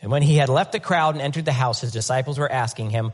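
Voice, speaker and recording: A male pastor preaching a conversational, animated sermon with comic asides, often repeating words as he rethinks his sentences. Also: on the high side, quick pace.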